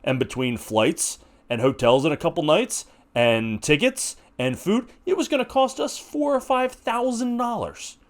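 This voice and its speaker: A man's voice: on the high side, sing-song, measured pace, few pauses. American guy in his 40s ranting on his podcast, fired up, voice jumps all over, lots of restarts. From United States. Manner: impassioned, rhetorical, with frequent restarts. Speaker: podcast host. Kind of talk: opinionated monologue.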